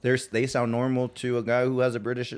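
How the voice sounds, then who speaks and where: A man's voice: mid-range voice, completely flat delivery, a little fast, clean tone. A man speaking as a podcast guest in casual conversation, with a Western twang and lots of filler words. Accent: American, Western twang. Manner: rambling, many fillers, acts out quotes.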